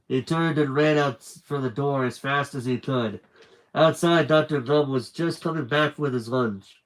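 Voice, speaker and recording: A man reading a children's book aloud on a live stream with lively, animated narration and chatty asides. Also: medium pitch, a little slow, poor audio.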